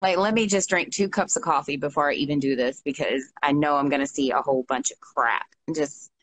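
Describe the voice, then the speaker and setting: A woman's voice: low voice, a little fast, slight background noise, rough recording. A woman in her thirties chatting casually, exclaiming often and filling her talk with "you know". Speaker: guest. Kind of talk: casual chat.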